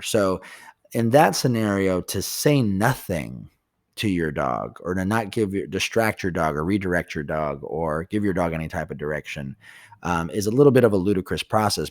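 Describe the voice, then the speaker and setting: Deep-voiced man explaining dog training. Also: dry recording, clean studio sound. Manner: explanatory, many fillers and restarts. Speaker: dog trainer, podcast co-host. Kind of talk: casual podcast explanation.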